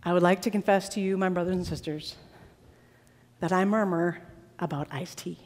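A woman preacher giving a sermon in a large worship hall, with an animated and dramatic delivery. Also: on the low side, normal speed. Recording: long reverb of a large hall.

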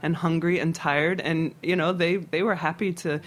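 This middle-aged chef from Philadelphia, in the United States, speaks at a moderate pace in a voice that sits on the high side. Telling stories in a casual interview, he rambles animatedly, full of fillers and restarts.

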